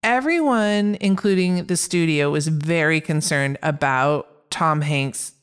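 A woman's voice: deep voice, takes it slowly, clean tone. A woman co-hosting a casual podcast chat, reading out film facts in an upbeat way. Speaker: podcast co-host.

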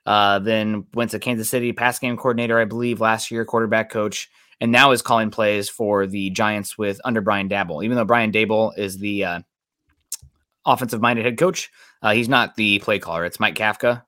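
A man co-hosting a casual sports talk show, chatting briskly and reading out listener comments. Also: fairly low pitch, fairly even intonation, bright, forceful tone, dry recording, clean studio sound. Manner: brisk, reads out chat messages.

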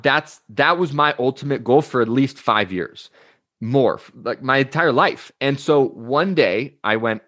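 Energetic man telling stories, dry sound. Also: medium pitch, dry recording. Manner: energetic storyteller, uses anecdotes and acted-out quotes. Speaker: guest, life coach. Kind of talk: casual interview talk.

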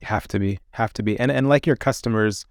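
A man's voice: on the low side, fairly quick, dry recording, studio quality. A man hosting a podcast, asking questions casually with lots of fillers. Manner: loose, many fillers. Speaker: podcast host. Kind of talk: casual interview.

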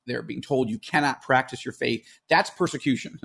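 A man's voice: medium pitch, moderate pace, creaky, fairly bright tone, slightly rough. A man hosting a podcast, explaining earnestly in casual talk, with fillers and restarts. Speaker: podcast host.

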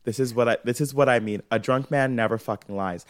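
A man's voice: mid-range voice, a little fast. A young man co-hosting a podcast, brash and foul-mouthed, with theatrical outbursts. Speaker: podcast co-host. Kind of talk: casual chat.

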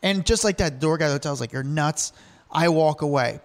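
A man with a gravelly, fry-laden voice, pitched a little above the usual male range. He tells his stories in a loose, animated way, acting out what people said. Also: fast talker. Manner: animated anecdotes, acts out quoted lines, laughs often. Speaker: guest telling stories. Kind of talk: casual storytelling chat.

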